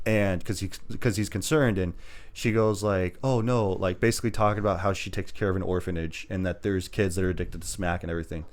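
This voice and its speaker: A man's voice: low-pitched, fairly even intonation, quick pace. A young man hosting a casual movie review podcast, animatedly retelling scenes with lots of "like" and "um". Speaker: podcast host.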